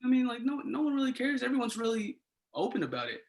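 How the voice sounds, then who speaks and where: A young man, a podcast guest, tells a casual story with animated swings and excited turns of phrase. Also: very high-pitched, fast talker. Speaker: podcast guest, resident assistant.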